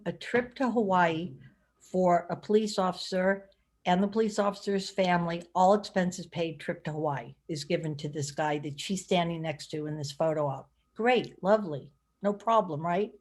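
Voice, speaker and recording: Low-voiced woman telling a story. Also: moderate pace, darkish tone. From California. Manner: conversational, vivid anecdotes with many fillers. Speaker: guest speaker, author. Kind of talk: storytelling talk.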